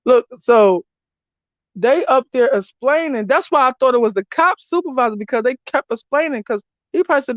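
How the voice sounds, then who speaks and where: A woman's voice: high-pitched, expressive, fairly quick, no room sound. A woman giving casual spoken commentary as a spiritual reader, blunt, emphatic and freely swearing. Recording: dull lo-fi dry recording.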